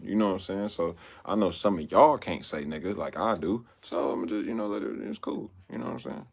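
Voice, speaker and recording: Deep-voiced laid-back man vlogging. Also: a little mellow. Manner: laid-back, rambling, slangy, repeats himself. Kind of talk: casual chat.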